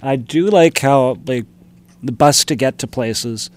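A man's voice: medium pitch, unhurried. A man co-hosting a casual podcast chat, recounting things hesitantly, often trailing off and restarting. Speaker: podcast co-host.

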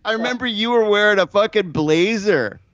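Casting: man, lively pitch swings, crude anecdotes, dry dull recording. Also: brisk, no room sound. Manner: animated, profane, laughing. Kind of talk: casual chat.

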